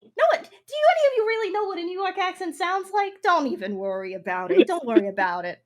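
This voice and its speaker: A woman's voice: fairly high pitch, lively intonation, unhurried, fairly bright tone. A woman playing a cocky acrobatic superstar wrestler, taunting her rival in rambling improvised trash talk.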